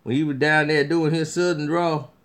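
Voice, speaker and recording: A man's voice: fairly high pitch, fairly even intonation, normal speed, a bit bright. A man talking casually about upcoming films as a review vlogger, rambling with many restarts and fillers. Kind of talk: casual movie commentary.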